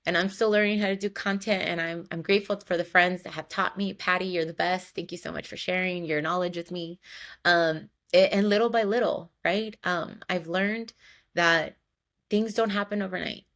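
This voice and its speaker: A young adult woman with a lowish, gravelly, fairly bright voice hosts her own podcast. Her solo monologue is heartfelt and tearful, and she repeats and restarts her words.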